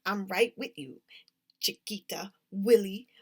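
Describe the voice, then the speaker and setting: A woman voicing a sassy, show-off eleven-year-old girl who teases in a high singsong and mixes in Spanish words. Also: slow, darkish tone, breathy edge. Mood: teasing.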